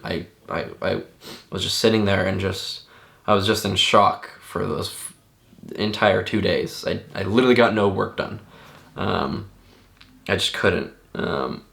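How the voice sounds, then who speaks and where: A young man with a very low voice and a gravelly fry tells a personal memory off the cuff. He talks in an earnest, halting way, often stopping and restarting his sentences. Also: fairly bright tone. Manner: halting, many restarts and fillers; stunned, earnest. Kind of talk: personal recollection, unscripted.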